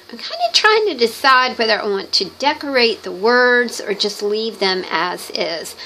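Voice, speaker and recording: Middle-aged woman craft vlogger, bright gravelly voice, rambling and hesitant. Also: medium pitch, a little hiss or hum, poor audio. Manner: rambling, hesitant, many pauses and fillers. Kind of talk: casual chat while crafting.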